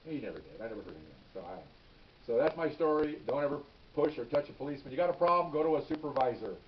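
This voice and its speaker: Older ex-cop telling a story from afar. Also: male voice, medium pitch, lively intonation, very fast, a little hiss or hum. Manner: plain-spoken, repeats words, checks in with "okay?". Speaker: retired police officer. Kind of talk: casual spoken storytelling. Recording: distant, dull lo-fi recording.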